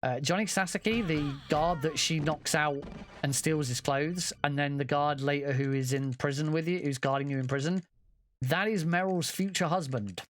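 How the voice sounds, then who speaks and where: A man's voice: on the high side, moderate pace, slight background noise. A man giving casual, chatty commentary while playing a game, often correcting himself and swearing offhand. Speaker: speedrunner.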